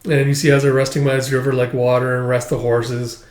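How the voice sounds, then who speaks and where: A man's voice: mid-range voice, flat delivery, a little fast, darkish tone. A man casually recapping a comic, rambling and framing every line with "he's like". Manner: rambling, with constant "he's like" quotes. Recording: roomy echo.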